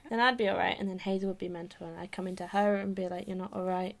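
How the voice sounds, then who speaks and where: A woman chatting casually on a vlog, animated and acting out quoted voices. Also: medium pitch, quick pace, vocal fry. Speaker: vlogger. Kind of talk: casual chat.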